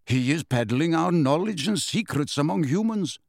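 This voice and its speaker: A man voicing a calm, stern male centaur elder who speaks smoothly and in measured tones. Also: a little high, dry recording, clean studio sound, pitched above the performer's own voice.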